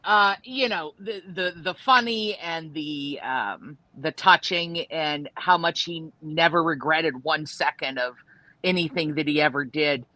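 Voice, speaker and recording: A guest sharing memories in casual chat, earnest and hesitant with many pauses. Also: mid-range voice, pushed and bright, no echo, low-quality recording.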